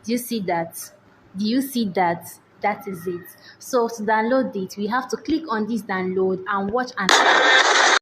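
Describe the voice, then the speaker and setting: A woman, hosting a screen-recorded software tutorial and often checking in with rhetorical questions. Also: medium pitch, a little slow, background noise. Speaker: tutorial host. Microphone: voice-over on screen recording.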